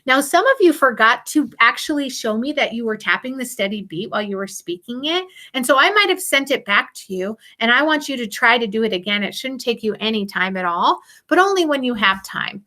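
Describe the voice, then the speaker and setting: A woman teaches a music lesson to young children on video, her voice riding high and swooping up and down with animated expression. She talks in a bright, encouraging sing-song and plays up mock surprise to keep the kids engaged. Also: fairly quick, few pauses.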